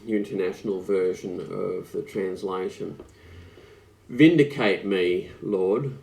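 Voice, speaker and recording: A man preaching an online sermon, speaking slowly and reflectively with frequent pauses and fillers. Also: lowish voice, darkish tone. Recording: echoey room.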